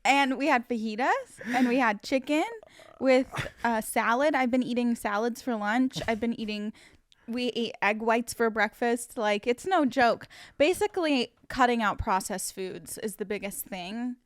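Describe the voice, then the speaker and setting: Laughing woman co-host, slightly high. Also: moderate pace, dry recording, studio quality. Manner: laughs often, animated storytelling. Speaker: podcast co-host. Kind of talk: casual comedic chat.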